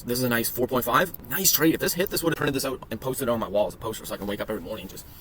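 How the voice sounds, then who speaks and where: This day trading vlogger goes over his charts on screen, giving offhand, joking, crude commentary full of profane digressions. His medium-pitched voice is fairly bright, and the recording carries a little hiss or hum.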